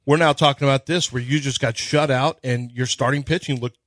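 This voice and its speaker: A man's voice: steady tone, a little fast, fairly bright tone, no room sound. Analytical man talking baseball. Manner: analytical, breaks down pitching in detail. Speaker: sports radio co-host. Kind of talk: casual sports talk.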